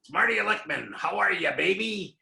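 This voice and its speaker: A man imitating a gruff, curt male music manager who cuts people off on the phone. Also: high voice, lively intonation, moderate pace, pushed and bright, echoey room, pitched above the performer's own voice, heavily acted. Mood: brash.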